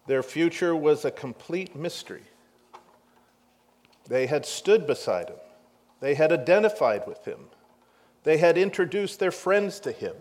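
A man preaches with a somewhat high voice, retelling a scripture story in an animated way. He drops to a hush and then builds back up to loud, excited bursts. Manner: animated storytelling, swinging between hushed and loud. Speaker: pastor. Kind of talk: sermon with scripture reading.

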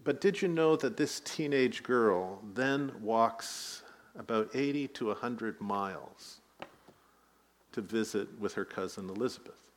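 Slow-speaking pastor preaching. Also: male voice, lowish voice. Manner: storytelling with rising emphasis and asides. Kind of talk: sermon.

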